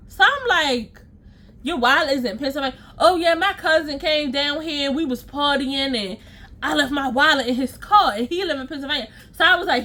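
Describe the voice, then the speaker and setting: A young adult woman tells a story to her viewers in a high, bright voice. She talks in casual slang and laughs at her own past mistakes. The sound is close and direct. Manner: animated, slangy, laughs at herself. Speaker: storytime vlogger.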